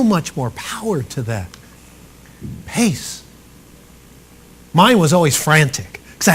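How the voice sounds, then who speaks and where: A man coaching trainees on public speaking in a live workshop talk, animated and expressive, swinging between loud and soft for emphasis. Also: fairly high pitch, slow pace, pauses often, breathy edge. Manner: animated and expressive, acts out quotes.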